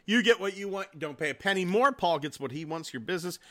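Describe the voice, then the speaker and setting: Excitable man in his forties, bright voice. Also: sits high, fast. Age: 40s. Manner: excitable, swears freely, loud laughs. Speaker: podcast co-host. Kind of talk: casual chat.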